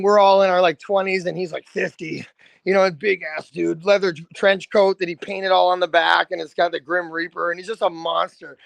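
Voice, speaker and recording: A rock band's lead singer chats as a guest, his voice high and full of grit. He tells stories in a loose, animated way and swears freely. The sound is close and dry. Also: creaky, no room sound. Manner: animated, swears freely, says "dude" often. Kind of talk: casual storytelling.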